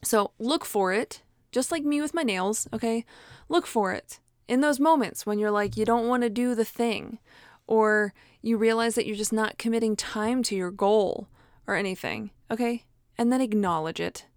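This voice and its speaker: A woman's voice: fairly high pitch, normal speed, clear, resonant tone, no echo, clean studio sound. A woman giving a casual motivational talk in a chatty, encouraging way, laughing often and acting out inner voices. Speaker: motivational speaker.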